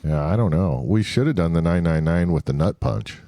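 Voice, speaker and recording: A man's voice: sits low, fairly quick, mellow, no echo. A man co-hosting a podcast, joking in laid-back casual banter. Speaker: podcast co-host. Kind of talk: casual chat.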